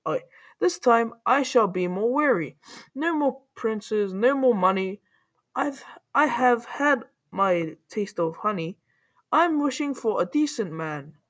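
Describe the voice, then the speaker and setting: A woman reading a rhyming story aloud and voicing a spirited, wary young heroine with exclaiming delivery, slowly and with lively pitch. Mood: earnest.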